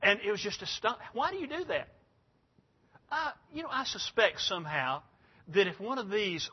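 An older man preaching a sermon in a folksy, rambling, emphatic way. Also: on the high side. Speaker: pastor. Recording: dull lo-fi sound.

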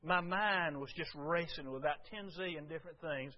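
A man preaching a folksy, storytelling sermon to his congregation, swinging from loud to hushed. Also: fairly high pitch, moderate pace, highs cut off. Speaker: pastor.

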